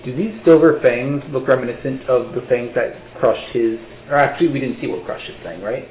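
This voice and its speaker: A man playing a tabletop game who chimes in with quick questions and asides. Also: mid-range voice, a little hiss or hum. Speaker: player. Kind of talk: casual tabletop game chat. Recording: tinny, echoey online call.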